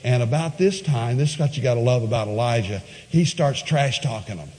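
A man preaching to a congregation at a medium pitch, his voice trailing into a long hall reverb. He tells the story with energy, dropping low and soft for solemn points and leaping up when he acts out the characters. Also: a little fast, a little hiss or hum. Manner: animated preaching, jumps high for quoted voices. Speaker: pastor. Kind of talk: sermon.

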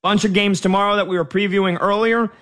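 A man's voice: high voice, fast talker. A man hosting a sports talk show, bantering energetically about games and trivia with his crew. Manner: energetic, animated, jokey. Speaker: sports radio host.

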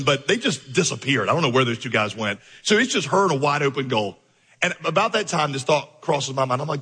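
A man preaching a sermon, spinning a story and acting out its dialogue. His voice is bright and a little husky, and it sits somewhat high for a man. It rings out with a long reverb, as in a large church hall. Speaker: pastor.

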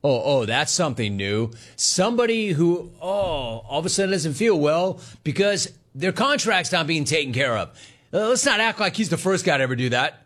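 A man's voice: sits high, very animated, normal speed, a bit bright. Sarcastic male sports radio host. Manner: sarcastic, mocking, laughing at callers. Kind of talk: sports talk radio monologue.

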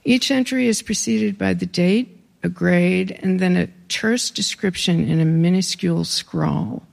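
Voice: medium pitch, a little slow, creaky, a little mellow. A reader giving a live reading of memoir stories, breaking into casual asides with fillers.

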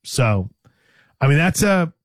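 A man's voice: on the high side, very animated, slow pace, no echo, studio quality. A man hosting a sports radio show, chatting casually about football with a co-host, with frequent restarts and light teasing. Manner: conversational, hesitant restarts, teasing.

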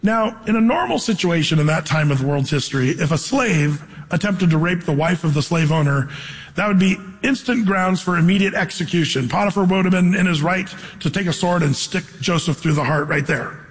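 A man preaching a sermon, reading scripture and then retelling the story in a casual, animated way with playful asides. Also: sits high, a little fast, breathy edge, in a large hall, rough recording.

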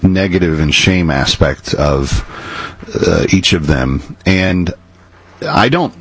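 Low, husky man thinking aloud. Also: a bit bright, no room sound. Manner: halting, thoughtful, with restarts. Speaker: co-host. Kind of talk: casual podcast talk.

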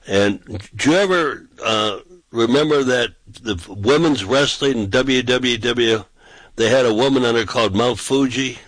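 A man's voice: mid-range voice, a little slow, a bit bright, no echo, rough recording. A man who is a pastor and street preacher, telling anecdotes casually and acting out the quotes in a raised voice. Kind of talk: casual storytelling on a talk show.

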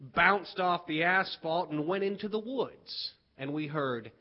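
A man from West Virginia with a notably high voice tells a childhood story, playful and animated, stretching out the key moments. The recording sounds somewhat dull and muffled. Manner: animated, playful, drawn-out pauses.

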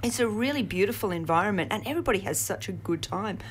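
A woman's voice: mid-range voice, expressive, fast talker, a little hiss or hum. A woman with an Australian accent, a theatre director, talking eagerly as a guest in a radio interview. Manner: chatty and enthusiastic.

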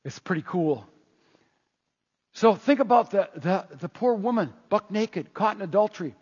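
A man's voice: high voice, normal speed, breathy edge. A male preacher giving a sermon, telling stories animatedly and often stumbling over repeated words. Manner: animated storytelling, acts out scenes, frequent stammered restarts. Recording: muffled, long hall reverb.

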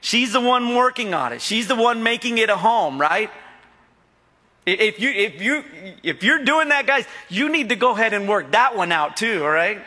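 A man's voice: high voice, expressive, moderate pace, sharp tone. A middle-aged man preaching a sermon as pastor, joking with the congregation and drawing out their replies. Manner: jokey, asks the congregation for responses. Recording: echoey hall.

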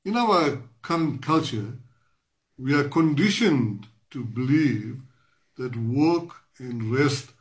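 A man in his sixties, a professor giving long, reflective interview answers, pausing often with fillers and restarts. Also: mid-range voice, lively intonation. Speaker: guest, professor.

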